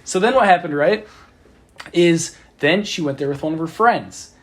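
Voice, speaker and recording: Young man, slightly high voice, stammering, repeating words, casual storytelling, phone recording. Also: expressive, normal speed. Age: young adult. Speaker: podcast host telling stories. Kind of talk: casual chat among friends. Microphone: phone voice memo app.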